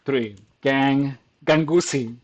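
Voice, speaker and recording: A man's voice: mid-range voice, slow pace, poor audio. A man doing casual, crude commentary on online comments, scoffing, laughing often and restarting his sentences, talking at home. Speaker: commentary vlogger reacting to comments.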